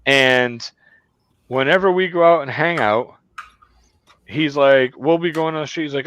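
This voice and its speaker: A man's voice: fairly high pitch, measured pace, pauses often, a bit bright, highs cut off. A man telling crude, rambling stories in a casual group video chat, swearing freely. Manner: profane, rambling anecdotes. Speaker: channel host.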